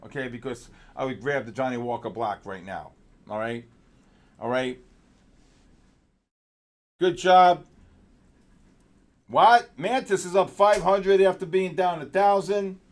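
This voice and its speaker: A male trading show host giving excitable live market commentary, exclaiming and calling out viewers by name. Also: on the high side, slow pace, pauses often.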